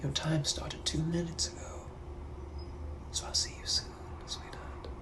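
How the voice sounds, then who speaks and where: A man voicing a suave, menacing 1800s British gentleman with a British accent, who drawls and flirts in a breathy, often whispered voice for comedic POV role-play. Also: a little high, little pitch movement, unhurried. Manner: flirtatious and softly threatening, drawling.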